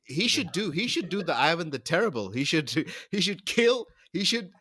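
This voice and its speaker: Guy co-hosting a podcast from home, bright forceful voice, rambly and giggly. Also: a little high, sing-song, normal speed. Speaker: podcast co-host. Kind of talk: casual comedy chat. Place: home, remote call.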